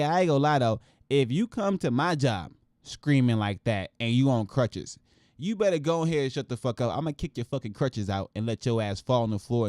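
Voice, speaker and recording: A man's voice: mid-range voice, a little mellow, no echo, studio quality. A man hosting a casual show where he reacts to news clips, with profane, joking rants. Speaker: show host.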